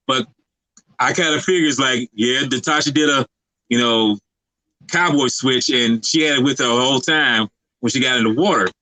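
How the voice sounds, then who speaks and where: A man on a podcast giving a casual, halting movie recap full of fillers and restarts. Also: mid-range voice, bright, forceful tone, dry recording, low-quality recording. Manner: rambling, halting with many fillers. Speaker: podcast co-host.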